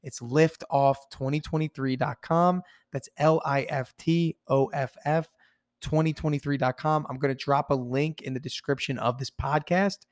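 A man hosting a business podcast, upbeat and direct, his voice hoarse from losing it. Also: fairly high pitch, steady tone, moderate pace, dry recording, clean studio sound. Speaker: podcast host. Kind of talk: casual podcast interview.

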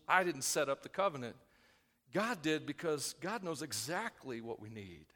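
Man, pastor, sermon, emphatic, bright voice, long reverb. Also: fairly high pitch, lively intonation, moderate pace. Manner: emphatic, swings from loud preaching to quiet asides.

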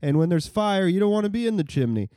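A man's voice: high-pitched, big pitch swings, quick pace, mellow, no room sound. Dry-witted man riffing in a dead room. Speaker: podcast co-host. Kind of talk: casual comedic chat.

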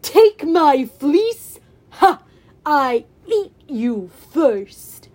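A woman voicing a huge, brutish male Cyclops who drags out slow growling threats and sobbing pleas. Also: high-pitched, sing-song, darkish tone, heavily acted. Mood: menacing gloat.

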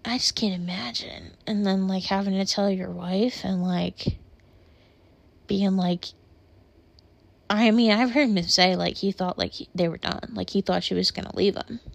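A woman's voice: mid-range voice, steady tone, a little slow, gravelly. A young woman chatting casually to her camera, rambling with many filler words and near tears. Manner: rambling, lots of filler likes; emotional, on the verge of tears. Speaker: vlogger.

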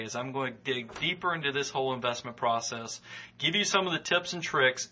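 A man with a Southern US accent, hosting a solo finance podcast in an earnest, encouraging way, with plenty of ums and restarts. His voice is strikingly bright. The recording is a bit dull and lo-fi. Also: medium pitch, slight background noise. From Georgia, US. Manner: earnest, encouraging, with frequent fillers. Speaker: podcast host, financial adviser. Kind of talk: solo podcast, reading listener emails.

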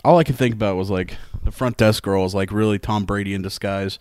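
A man's voice: fairly low pitch, fast, a little mellow. A young man hosting a casual sports podcast, telling stories loosely with lots of swearing and laughter. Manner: loose, profane, storytelling, laughs often. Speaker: podcast host.

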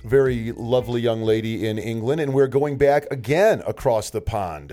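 A man's voice: medium pitch, normal speed, few pauses, dark tone, faint music behind. A man hosting a podcast in casual interview chat, with a playful, joking manner. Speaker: podcast host.

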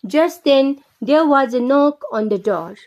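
Slow, gentle woman narrator for a children's fairy tale. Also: sits high, animated. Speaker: storyteller. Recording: slightly dull lo-fi recording.

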